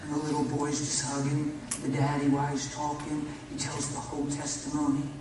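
A man's voice: on the high side, a little fast. A man preaching as a pastor, telling a story and acting out the dialogue. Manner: animated storyteller, acts out dialogue. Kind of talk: sermon storytelling. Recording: echoey hall, far from the mic, noisy.

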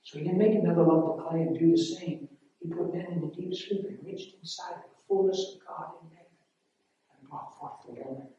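A man preaching and telling his own testimony, emotional and storytelling, swinging between loud and hushed. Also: fairly high pitch, fairly even intonation, fairly quick, muffled recording. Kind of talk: sermon. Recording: echoey hall from far off with faint noise.

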